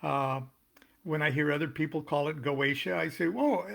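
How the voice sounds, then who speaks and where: An older American man reading aloud from his own tarot booklet, pausing to explain terms and make small jokes. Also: fairly high pitch, level tone, creaky, a bit bright. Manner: unhurried, stops to explain and joke. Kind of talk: casual reading with asides.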